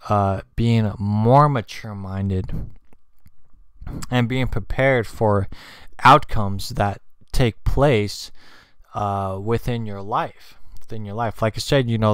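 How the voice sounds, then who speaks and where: A man's voice: lowish voice, clear, resonant tone, no echo, studio quality. Man rambling on a livestream. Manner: rambling, many fillers and restarts; talks with candy in his mouth. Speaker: channel host. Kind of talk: casual spiritual livestream talk.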